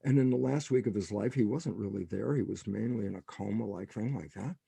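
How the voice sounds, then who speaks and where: A man's voice: lowish voice, a little fast, creaky, slightly rough, no echo. An older man, a scientist guest in a podcast interview, telling stories and acting out the lines of people in them. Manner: animated storyteller, acts out quotes.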